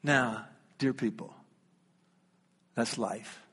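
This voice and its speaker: A man's voice: medium pitch, steady tone, drawn-out words, a bit bright, husky, in a large hall. A man with a Southern US accent preaching a sermon as pastor, folksy and humorous, reading scripture aloud.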